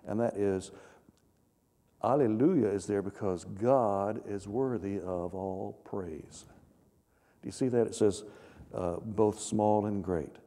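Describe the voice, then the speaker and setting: A man's voice: lowish voice, a little slow, mellow, big-room sound. A man preaching a sermon, reading scripture aloud with rising emphasis and asking his listeners questions. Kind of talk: sermon, Bible teaching.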